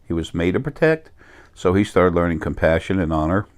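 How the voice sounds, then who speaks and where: A man with a low, animated voice, speaking a little fast, gives a meandering spiritual talk as a teacher. He is earnest and keeps pausing to correct himself.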